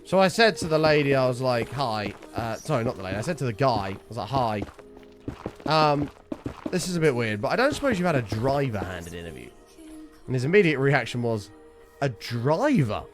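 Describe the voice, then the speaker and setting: Sweary streamer man, lively voice. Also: mid-range voice, brisk, over music. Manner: rambling, sweary storytelling. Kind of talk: casual livestream chat.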